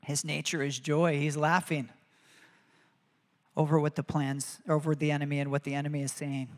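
A man's voice: fairly high pitch, flat delivery, normal speed, big-room sound. A man preaching a sermon in an earnest, conversational way, with prayers spoken aloud.

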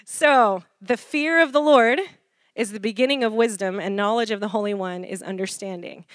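A woman preacher delivering a lively sermon, laughing often and calling for responses from the congregation. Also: mid-range voice, normal speed, no echo.

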